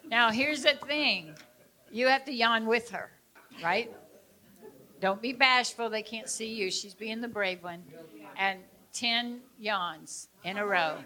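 A woman leading a group session, telling lively stories and laughing often as she talks. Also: on the high side, takes it slowly. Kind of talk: storytelling talk to a group.

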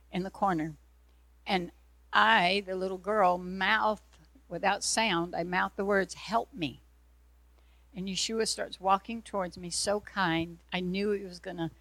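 A woman tells a personal testimony in an earnest, emotional voice with a gravelly edge of fry. She acts out the lines of dialogue as she recounts them. The recording is dry and close, with no room sound. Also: medium pitch, a bit bright, no room sound.

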